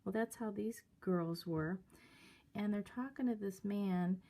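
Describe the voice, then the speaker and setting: Slow, mellow woman telling a story. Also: mid-range voice. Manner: hesitant, many fillers. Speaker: vlogger. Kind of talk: casual storytelling.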